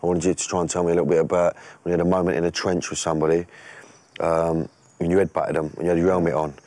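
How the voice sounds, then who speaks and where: Deep-voiced sweary bloke. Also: male voice, level tone, racing, darkish tone, no room sound. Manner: blokey and sweary, full of slang. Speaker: documentary presenter. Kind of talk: casual on-location chat.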